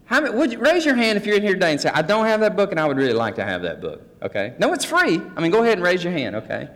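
Male pastor, folksy teaching sermon, a bit high, echoing sanctuary. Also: huge pitch swings, rapid-fire, fairly bright tone. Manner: folksy, joking with the congregation. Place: church sanctuary. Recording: long hall reverb.

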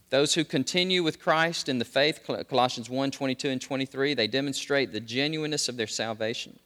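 A man preaching a sermon, swinging between loud, high exclamations and low, quiet emphasis. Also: big-room sound.

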